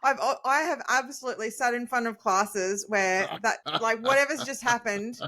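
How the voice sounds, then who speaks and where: A woman's voice: fairly high pitch, normal speed, bright, forceful tone. Playful woman podcast host. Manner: playful, enthusiastic. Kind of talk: casual chat.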